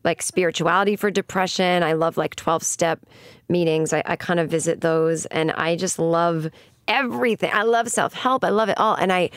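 Woman, comedian, from Boston, lively storyteller, acts out quotes, dry studio sound. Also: clear, resonant tone, no echo. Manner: animated, comic, acts out quotes in high voices. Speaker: comedian guest. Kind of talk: storytelling interview.

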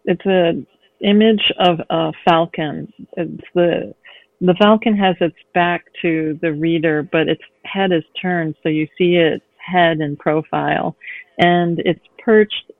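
Novelist on a tinny phone line. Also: female voice, on the low side, no echo. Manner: warm, thoughtful, laughs easily. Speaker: novelist guest. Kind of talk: interview conversation.

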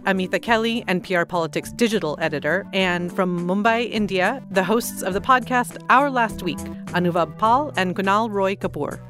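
A woman hosting a podcast, chatty and lively, with many fillers. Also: medium pitch. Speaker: podcast host. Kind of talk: casual chat.

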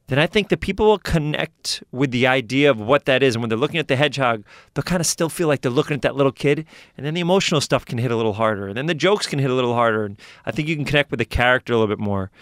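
A man talks fast and animatedly, rattling off his story. His voice is smooth and clear, and the recording is dry and close. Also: medium pitch, expressive, fairly bright tone, no echo. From New York. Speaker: voice actor guest. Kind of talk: casual interview talk.

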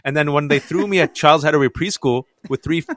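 Brief: male guest in his 40s, born and raised in the US, animated storyteller, dry studio sound. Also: quick pace, no room sound. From United States. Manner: lively, acts out family voices with big jumps in pitch. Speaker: guest author.

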